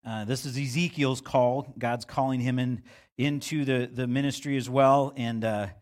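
A man's voice: fairly even intonation, moderate pace. A middle-aged male pastor giving a conversational sermon, acting out quotes in a livelier voice. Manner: conversational preaching, acts out God's voice with rising pitch.

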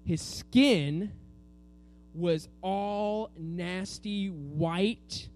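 A man's voice: high voice, very slow, darkish tone, a little hiss or hum. A man teaching a children's Bible lesson, telling the story with energy and asking the kids to repeat words after him. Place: room with a group of children.

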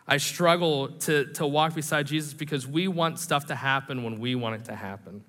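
A man preaching a sermon in a church, animated and conversational, with self-deprecating humor. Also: medium pitch, normal speed. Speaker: pastor. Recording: reverberant hall.

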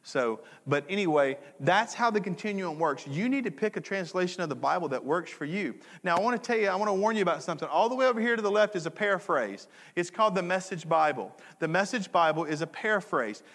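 A man's voice: sits high, animated, fast, hardly any pauses, fairly bright tone. Middle-aged male pastor in a reverberant hall. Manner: conversational, repeats key phrases, asks the audience questions. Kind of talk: sermon. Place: church hall.

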